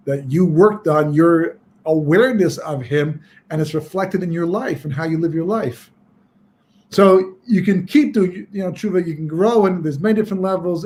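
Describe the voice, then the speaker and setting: Higher-voiced rabbi telling a story. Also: male voice, a little mellow. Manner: conversational, many fillers and restarts. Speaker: rabbi teaching a webinar. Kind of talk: storytelling lesson.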